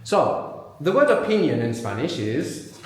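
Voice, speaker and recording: A man leading a live workshop, prompting the audience with questions and explaining in quick bursts. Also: fairly high pitch, sing-song, a crowd in the background. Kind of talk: live classroom teaching. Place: large room with a live audience. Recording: very echoey room.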